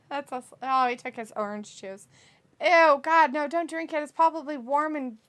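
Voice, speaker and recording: A woman with a high, fairly bright voice co-hosts a live wrestling watch-along, casually reading viewer comments out loud. She laughs often and swears freely.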